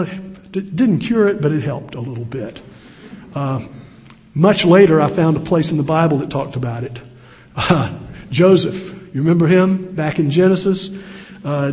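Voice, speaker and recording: An older preacher delivering a sermon with a folksy, storytelling manner, stumbling into restarts and friendly asides. His voice sits a little high for a man. It carries a long reverb, as if spoken through a large hall. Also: darkish tone.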